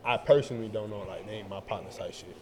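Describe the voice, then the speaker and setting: A man's voice: on the low side, quick pace, background noise. A young man co-hosting a podcast, talking in a laid-back way that hedges and trails off. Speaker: podcast co-host. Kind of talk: casual chat.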